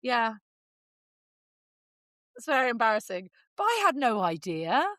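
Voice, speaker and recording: A woman with an English accent, co-hosting a podcast and telling a story in casual, lively chat, jumping into high voices for quotes. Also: a little slow, no room sound. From England. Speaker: podcast co-host.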